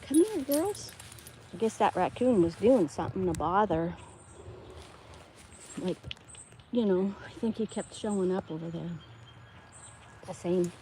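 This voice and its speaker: A woman's voice: mid-range voice, mellow, slight background noise. A woman chatting casually as she walks her dogs on a neighborhood street, recording herself on a handheld phone. She rambles, calls to the dogs and laughs often. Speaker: dog-walking vlogger. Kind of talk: casual live walk-and-talk.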